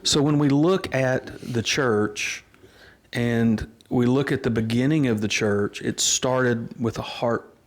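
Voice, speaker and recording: Earnest pastor telling a story. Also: male voice, medium pitch. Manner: earnest, unhurried storytelling with frequent restarts. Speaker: pastor and interview guest. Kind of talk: storytelling in a casual interview.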